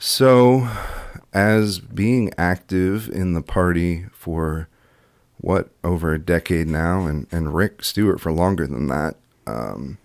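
A man with a very low voice talks as a guest on a casual podcast. He rambles, circling back with fillers and restarts as he goes. The sound is dry and close, with no room around him. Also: slow, no echo. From Iowa. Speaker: podcast guest, political candidate. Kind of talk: casual interview chat.

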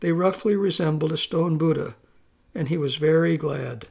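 A man narrating a folk story in a slow, measured way. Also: fairly high pitch, gravelly, darkish tone.

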